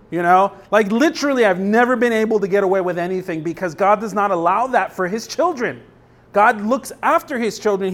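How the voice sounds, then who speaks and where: High-voiced young pastor preaching conversationally. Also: male voice. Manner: conversational, checks in with the congregation often; reads scripture aloud with rising emphasis. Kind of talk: sermon.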